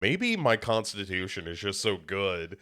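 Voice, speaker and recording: With a deep, very animated voice that is pushed and bright, this young podcast co-host speaks a little slowly. His slight congestion carries through a rambling, self-deprecating casual chat with many restarts.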